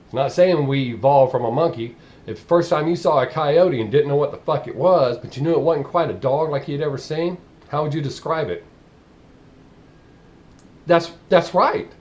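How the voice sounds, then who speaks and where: A vlogger with a Southern US accent rants bluntly and profanely in a casual monologue. His voice is slightly high and a bit mellow, at a moderate pace.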